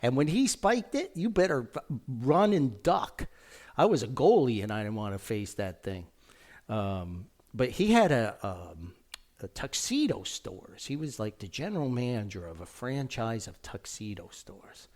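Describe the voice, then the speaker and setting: A man's voice: mid-range voice, unhurried. A middle-aged man with a New Jersey accent, telling a personal story in a rambling, folksy way as a podcast host. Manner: rambling, folksy, animated with lively quoted voices. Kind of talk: casual spoken storytelling.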